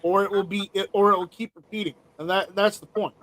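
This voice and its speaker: Blunt high-voiced man. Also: fairly even intonation, brisk, fairly bright tone, a little hiss or hum, rough recording. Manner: blunt, opinionated, stammering restarts. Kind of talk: casual chat.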